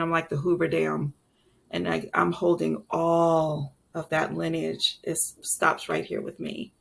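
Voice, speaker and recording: A woman in her late forties speaking as an interview guest, her voice low and heavily gravelly with vocal fry. She talks candidly and reflectively, circling back with fillers and restarts as she recounts her past. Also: fairly bright tone. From Brooklyn and South Carolina. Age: late 40s. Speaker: guest chef and entrepreneur. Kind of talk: casual interview storytelling.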